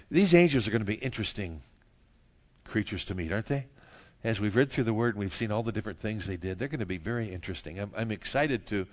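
A man preaching a sermon, moving from quiet, low stretches to loud, emphatic bursts and chuckling at his own jokes. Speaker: pastor.

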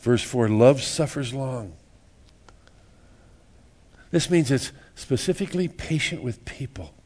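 A man's voice: medium pitch, lively intonation, slow, darkish tone. A man preaching a sermon in a church, folksy and joking, repeating words and acting out little everyday scenes. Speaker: pastor.

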